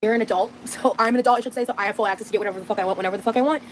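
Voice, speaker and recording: Woman vlogging at home, talks quick and candid, traffic noise in the background. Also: mid-range voice, poor audio. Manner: candid, talks straight to camera. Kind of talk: confessional home vlog. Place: at home, moving around.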